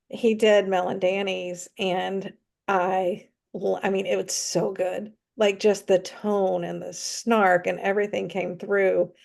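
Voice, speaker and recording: A woman's voice: mid-range voice, gravelly, darkish tone. A woman author chatting casually as a guest, with lots of fillers and easy laughter. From North Carolina. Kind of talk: casual chat.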